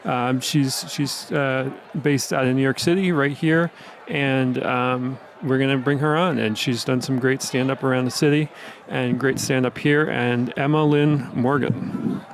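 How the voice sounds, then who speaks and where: A man hosting a standup showcase, introducing the next act in a halting, rambling way full of fillers. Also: mid-range voice, steady tone, slight background noise. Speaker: show host and emcee. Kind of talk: rambling emcee patter. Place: comedy club stage.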